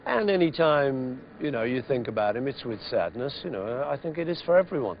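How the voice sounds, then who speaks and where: A man in his fifties talks through an interview at an average pitch. He is easygoing and rambling, with lots of "you know"s. The recording is dull and lo-fi, with faint noise underneath. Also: very animated, a little fast. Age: 50s. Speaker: interviewee musician. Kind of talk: reflective interview chat.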